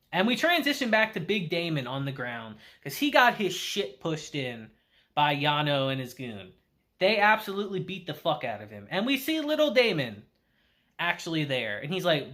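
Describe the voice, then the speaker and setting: A man reviewing an anime, casually recapping the episode and acting out the characters' quotes. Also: on the high side. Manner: animated storytelling with acted-out quotes.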